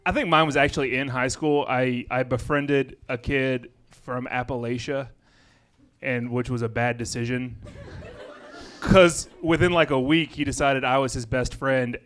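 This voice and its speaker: A man's voice: mid-range voice, fairly even intonation, normal speed, fairly bright tone. A man telling a laid-back anecdote on stage as a comedy co-host in a live Q&A, laughing as he goes. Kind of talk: live stand-up Q&A storytelling.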